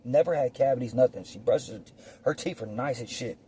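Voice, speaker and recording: A man telling a personal story casually, outdoors on his phone, animated and profane, acting out the scenes as he goes. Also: mid-range voice, a little fast, a little hiss or hum. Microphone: phone or camera.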